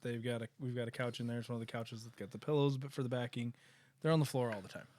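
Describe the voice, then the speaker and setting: A father chatting casually and telling a relaxed anecdote, laughing now and then. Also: mid-range voice, quick pace. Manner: relaxed storyteller, laughs often. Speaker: co-host. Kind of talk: casual chat.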